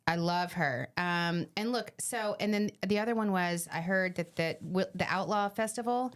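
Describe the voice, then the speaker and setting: A woman's voice: fairly low pitch, normal speed. A middle-aged woman hosting a podcast, chatty and enthusiastic as she leads the conversation. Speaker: podcast host. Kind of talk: casual podcast chat.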